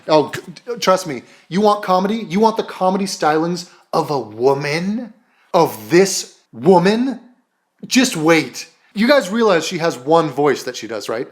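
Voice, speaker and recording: A man's voice: high-pitched, big pitch swings, measured pace. A man ranting sarcastically in a commentary video, swearing often and mocking his target.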